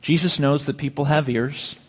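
A pastor delivering a sermon, drawing out key phrases slowly and asking the congregation rhetorical questions. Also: male voice, fairly high pitch, steady tone, breathy edge, in a large hall. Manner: measured preaching with slow emphatic phrases and rhetorical questions.

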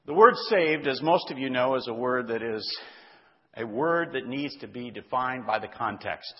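A male pastor teaching an expository sermon, reading scripture aloud and explaining its words with deliberate care. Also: mid-range voice, expressive. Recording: dull lo-fi sound with long hall reverb.

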